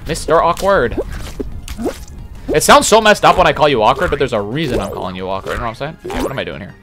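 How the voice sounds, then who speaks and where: A man streaming a platform game, talking casually in an excitable, boastful way with sudden yelps. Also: mid-range voice, quick pace, music in the background. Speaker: livestreamer. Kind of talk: casual gaming commentary.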